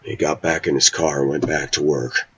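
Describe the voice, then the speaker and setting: A man vlogging a personal story rant, indignant and animated, acting out the quotes as he goes. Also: very deep voice, moderate pace, slightly rough. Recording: dull, dry lo-fi sound.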